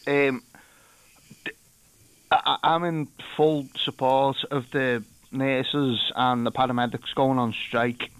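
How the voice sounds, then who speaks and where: A male caller on a late-night radio phone-in. He talks in a hesitant, searching way, with an even, mid-pitched voice and a dry sound. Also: slow pace, clear, resonant tone, no echo. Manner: hesitant, with many fillers. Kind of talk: casual phone-in call.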